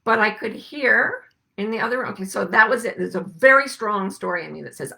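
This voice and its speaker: Soft gravelly-voiced woman musing gently. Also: mid-range voice, lively intonation. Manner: gentle, musing, slows down to stress ideas. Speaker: podcast host and life coach. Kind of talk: reflective spiritual talk to a group.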